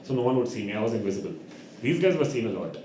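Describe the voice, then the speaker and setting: A man's voice: fairly low pitch, racing, slight background noise. Guy telling a story at an open mic, acts out voices, echoey room. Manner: animated storytelling, acts out voices, laughs often. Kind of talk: storytelling on stage. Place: live open mic venue.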